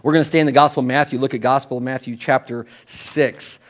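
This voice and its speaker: Preaching in a loose, talky style, this middle-aged man sounds lively as his pitch and loudness jump suddenly. He repeats words, slips in asides, and moves at a fast clip.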